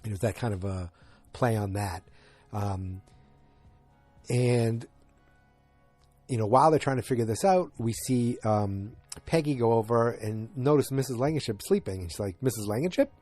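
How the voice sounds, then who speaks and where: A man's voice: medium pitch, normal speed, long pauses, mellow, no room sound, faint music behind. A man from north of Boston with a slight Boston accent, recapping a TV episode in a casual, rambling way with jokey asides. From north of Boston, Massachusetts. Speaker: podcast host.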